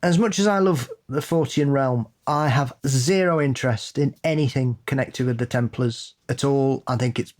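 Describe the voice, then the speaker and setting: A man co-hosting a podcast, chatting casually in a blunt, sweary, opinionated way that builds into animated rants. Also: medium pitch, moderate pace, hardly any pauses. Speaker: podcast co-host. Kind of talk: casual chat.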